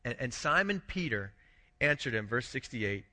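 A man's voice: mid-range voice, sing-song, moderate pace, bright, forceful tone, long reverb tail. A man preaching a conversational sermon as a pastor, asking rhetorical questions and restarting his phrases.

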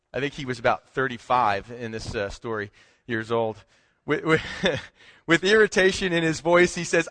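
A man's voice: a little high, moderate pace, fairly bright tone, no room sound, in a large hall. A man preaching a sermon in a conversational way, mixing scripture with a humorous story. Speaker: pastor.

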